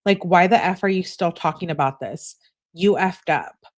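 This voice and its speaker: A bossy young girlfriend scolds and insults her boyfriend by text, read aloud by a woman. The voice sits a little low, and the texts come out as plain reading rather than acting. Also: moderate pace, close to an everyday voice. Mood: scolding.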